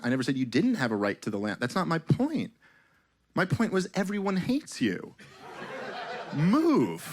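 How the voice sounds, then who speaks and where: Sarcastic male stand-up comic, live club. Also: slight background noise. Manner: deadpan sarcastic delivery, pitch jumping high for emphasis. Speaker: stand-up comedian. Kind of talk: stand-up comedy set.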